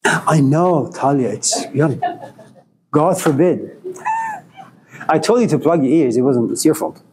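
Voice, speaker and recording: A man giving a storytelling lecture to a class, wry and joking, in an unhurried way. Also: a little high, expressive, a little mellow, slight background noise. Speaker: philosophy lecturer.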